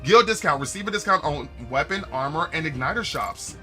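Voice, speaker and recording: A man's voice: fairly high pitch, expressive, a little fast, sharp tone, soft background music. A young man streaming a game, reading its dialogue aloud, joking with chat and laughing often. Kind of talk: casual let's-play commentary.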